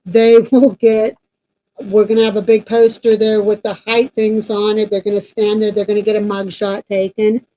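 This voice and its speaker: Chatty woman with a mellow voice. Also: medium pitch, flat delivery, normal speed, poor audio. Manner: chatty, rambling with many fillers. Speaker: paranormal team member and co-host. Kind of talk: casual announcement chat.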